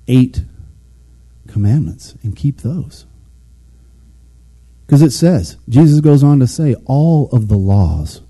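A man's voice: on the high side, husky. A man giving a casual, conversational sermon, acting out little quotes as he goes. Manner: animated, conversational, acts out quotes. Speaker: preacher.

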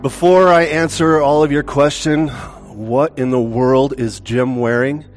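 A male pastor speaking unhurriedly in a church, with a relaxed, joking, conversational manner. He banters with the congregation at a measured, slow pace. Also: mid-range voice, soft background music.

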